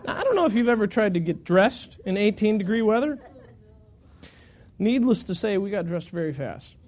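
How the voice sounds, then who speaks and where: Male pastor, very high voice, lively self-mocking sermon storyteller. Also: normal speed. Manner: animated, self-mocking storyteller with acted-out quotes.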